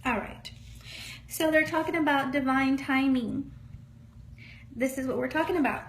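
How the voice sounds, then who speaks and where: A woman with a notably high voice talks as a psychic medium in a relaxed live-streamed reading. She sounds earnest and encouraging, with homey asides, and there's a faint hum of noise under her voice. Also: normal speed. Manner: earnest, encouraging, folksy, calls listeners honey.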